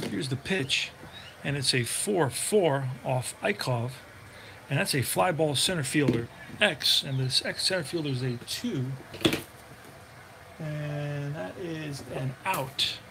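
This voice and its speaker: Guy doing play-by-play for his own dice baseball game, kinda high voice, laid back and chatty, bit of hiss behind him. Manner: relaxed, chatty, thinks aloud while looking things up. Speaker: tabletop baseball game narrator.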